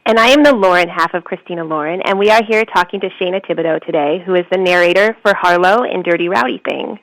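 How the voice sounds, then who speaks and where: A woman's voice: lowish voice, quick pace, fairly bright tone, no echo, poor audio. A woman author co-hosting an interview, reading friendly prepared questions to a guest.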